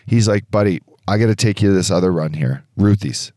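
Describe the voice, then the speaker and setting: A man co-hosting a podcast, telling a story in casual chat, animated and profane, acting out what others said. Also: low-pitched, a little fast, no room sound. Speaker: podcast co-host. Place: indoor studio.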